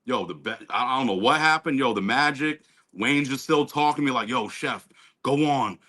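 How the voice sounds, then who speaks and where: A man on a remote call telling a story with bright, forceful energy. He leans on slang and lots of fillers as he talks. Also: medium pitch, brisk. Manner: animated, street slang, many fillers. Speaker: guest. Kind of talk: casual storytelling.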